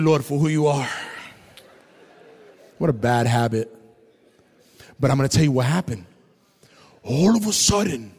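A man preaching a testimony sermon, telling his story with animated delivery and shouting at high points. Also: creaky, breathy edge, long reverb tail.

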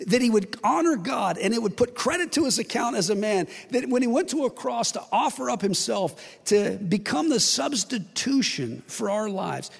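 A man's voice: high voice, gravelly, husky. A man preaching a sermon, acting out the voices of God and his listeners. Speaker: pastor. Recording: long reverb of a large hall.

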